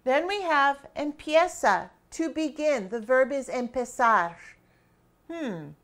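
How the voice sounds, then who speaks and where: A woman walks students through a grammar drill in an unhurried, deliberate way, asking a question and then pausing to let them think. Her voice sits a little higher than most. She is encouraging and keeps checking in with them. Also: fairly bright tone. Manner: encouraging, quizzing students with pauses and rhetorical questions. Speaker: Spanish teacher. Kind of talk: classroom grammar lesson.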